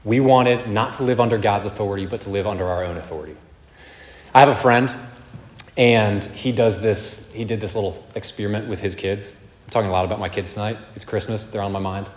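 A man, preaching a sermon as a pastor, earnest and emphatic with swings in volume. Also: fairly low pitch. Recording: echoey hall, long reverb.

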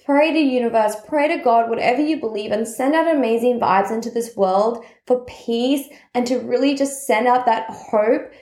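Woman podcast host, chatty and earnest, higher voice, roomy echo. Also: moderate pace, hardly any pauses, darkish tone. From Australia. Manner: chatty and heartfelt, many "like" fillers. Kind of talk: casual solo podcast talk.

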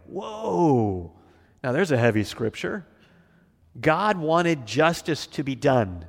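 A man's voice: fairly high pitch, big-room sound. A middle-aged male pastor teaching the Bible verse by verse, telling folksy stories with frequent chuckles.

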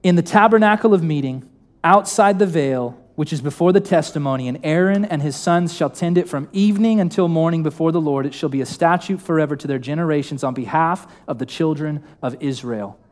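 A young man delivers a sermon in a church hall. His voice sits a little high, and his tone stays informal and conversational. He keeps putting questions to the congregation. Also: a little fast. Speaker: preacher.

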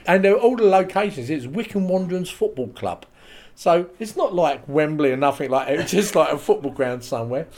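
A man, a podcast guest telling lively showbiz stories and quoting the people in them. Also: fairly high pitch, a little fast. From England. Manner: animated anecdotes with quoted voices and laughs. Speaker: interview guest. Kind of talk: casual storytelling.

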